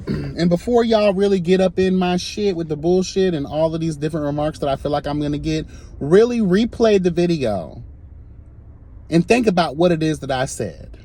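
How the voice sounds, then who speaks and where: High-voiced sassy man ranting. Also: lively intonation, normal speed. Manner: sassy, emphatic, swings between soft asides and loud outbursts. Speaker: vlogger giving commentary. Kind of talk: impassioned commentary rant.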